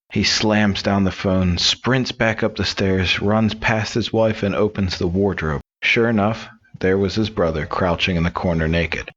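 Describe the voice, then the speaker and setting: A man with a very low voice tells jokes in a loose, rambling way, sliding in fillers between lines. The recording sounds muffled and lo-fi. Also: moderate pace. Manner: relaxed, rambling storytelling with fillers. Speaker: joke teller. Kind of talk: reading and telling jokes.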